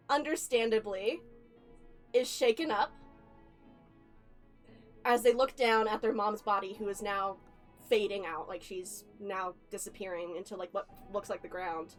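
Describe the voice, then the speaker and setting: Slow, suspenseful woman game master. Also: mid-range voice, a bit bright. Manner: slow, deliberate storytelling with suspenseful pauses. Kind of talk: narrating a spooky tabletop game. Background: faint background music.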